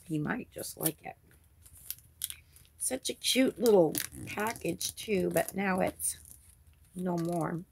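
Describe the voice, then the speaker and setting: A woman's voice: lowish voice, takes it slowly, vocal fry, pauses often, slight background noise. A woman hosting her crafting channel, chatting casually through an unboxing and gushing over each item with little gasps.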